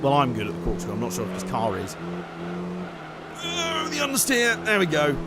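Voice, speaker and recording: A man giving joking, excitable live commentary while playing a racing game and chatting to his viewers. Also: mid-range voice, rapid-fire. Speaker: streamer. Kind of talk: live let's-play commentary. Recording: game car noise underneath.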